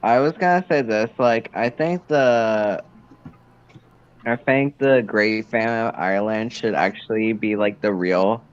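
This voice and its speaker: A man's voice: on the low side, a little slow, clear, resonant tone, highs cut off. A man in a casual political discussion, talking emphatically and dismissively.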